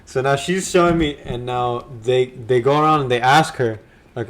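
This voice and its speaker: A man hosting a podcast, telling a story in lively casual chat with slang. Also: medium pitch, moderate pace. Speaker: podcast host.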